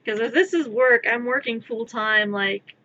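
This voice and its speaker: A woman with a slightly high, sharp voice talks a little slowly while live-streaming her crafting from her own room, her chatter rambling and playful. Now and then she scolds her cat, and the audio sounds dull.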